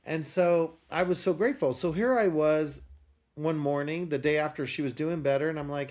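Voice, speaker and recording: A man's voice: a little high, moderate pace. A man, a podcast guest, telling a long personal story and acting out the conversations in it. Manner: animated storyteller acting out dialogue.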